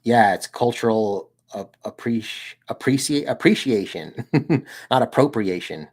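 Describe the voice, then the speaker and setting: A man's voice: mid-range voice, animated, unhurried, husky. A young American man hosting a casual livestream, rambling in a laid-back way and saying "dude" a lot. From United States. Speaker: streamer and channel host.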